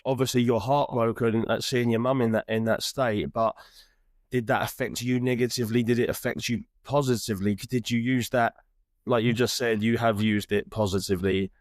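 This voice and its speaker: A man hosts an interview podcast with an earnest, encouraging tone, circling back and restarting as he builds his point. His voice sits at an ordinary middle pitch. The sound is dry and close. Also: steady tone, normal speed, no echo. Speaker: podcast host. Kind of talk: reflective interview chat.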